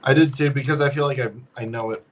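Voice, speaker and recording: A man's voice: medium pitch, fairly even intonation, fast, a little hiss or hum, poor audio. Playful man reading quiz questions. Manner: reads questions, playful banter. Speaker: quizmaster and co-host. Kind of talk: casual live-stream chat.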